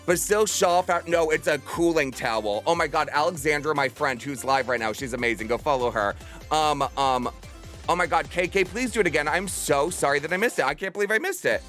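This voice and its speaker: Faint music plays behind a young man streaming from his home room. He's a livestreamer who chats quickly and warmly with his audience in a bubbly, affectionate way, his voice slightly high and a touch bright.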